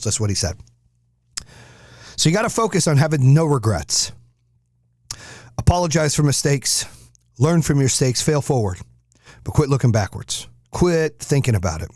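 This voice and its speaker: A man's voice: medium pitch, big pitch swings, normal speed, long pauses, a little mellow, dry recording, clean studio sound. A man hosting a podcast, giving a blunt, profane, fired-up motivational monologue. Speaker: podcast host.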